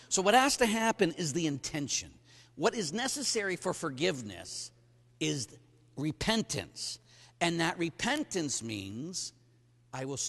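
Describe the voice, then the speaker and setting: A middle-aged man, a Catholic priest, preaching a sermon to men, emphatic and acting out stories with sudden loud bursts. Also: fairly high pitch. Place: large hall at a conference. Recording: reverberant hall.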